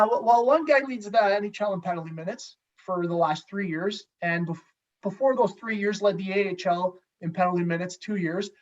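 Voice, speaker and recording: Profane man telling a story. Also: high-pitched. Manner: animated, profane, acts out dialogue. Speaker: podcast guest, former hockey goalie. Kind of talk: casual storytelling. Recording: slightly distant, dull lo-fi sound.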